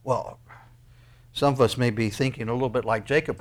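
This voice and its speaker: A man preaching a sermon, moving from quiet, hushed asides to loud, shouted commands. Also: mid-range voice, fairly even intonation, fairly quick. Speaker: pastor.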